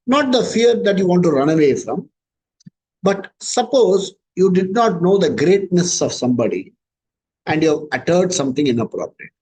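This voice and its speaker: A man giving a scripture discourse as a spiritual teacher. He explains slowly and chants Sanskrit verses. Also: on the high side, darkish tone, slightly rough, rough recording.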